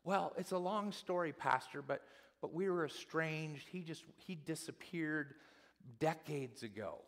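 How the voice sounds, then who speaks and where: A man playing an excited older widow from church as she tells her story in a chatty, breathless way. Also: a little high, unhurried, long reverb tail, pitched above the performer's own voice. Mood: earnest.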